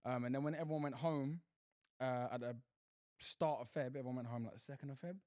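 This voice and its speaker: With no echo and studio-quality sound, a young man speaks fast in a mid-range voice. He's a podcast co-host telling animated stories in a casual chat, loaded with slang and swearing.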